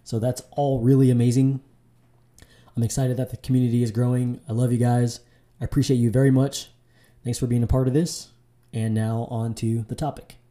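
A man's voice: mid-range voice, little pitch movement, fairly quick, mellow. A man hosting his own podcast, talking solo in a casual, loose way, with fillers and restarts. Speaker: podcast host.

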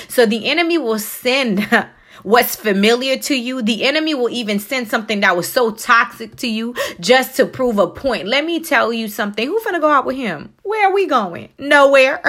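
Bright-voiced chatty woman podcast host. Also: medium pitch. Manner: chatty and animated, laughing often, playacting listener replies. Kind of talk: casual faith-based podcast talk.

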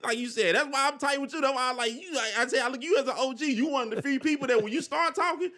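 A man's voice: extremely high pitch, racing, bright, forceful tone. A young man hosting a podcast, telling personal stories candidly in casual slang with frequent swearing. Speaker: podcast host. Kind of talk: casual conversation.

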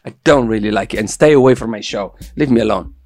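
A man's voice: lowish voice, quick pace, a little mellow, dry recording. A man hosting a radio show in casual, joking chat, with playful banter and repeated catchphrases.

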